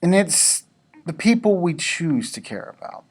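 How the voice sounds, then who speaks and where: A man giving a devotional talk to students, relaxed and conversational, with casual asides to the listeners. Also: a little high, a little slow.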